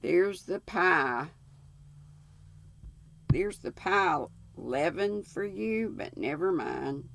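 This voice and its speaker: A woman's voice: on the low side, expressive, drawn-out words, vocal fry, long pauses, a bit bright, exaggerated voice. A woman reading the part of a stern, practical older woman in a storybook reading.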